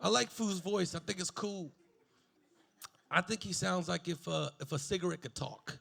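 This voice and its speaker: High lively gravelly comedian guy. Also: normal speed, a little hiss or hum. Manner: animated, laughs at his own jokes. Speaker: stand-up comedian. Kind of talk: stand-up comedy set.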